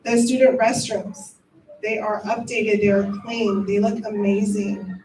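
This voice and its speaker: A woman's voice: mid-range voice, steady tone, measured pace, a little mellow. A middle-aged woman teacher giving a heartfelt, emotional ceremony speech in a school cafeteria. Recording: echoey room from a distant mic.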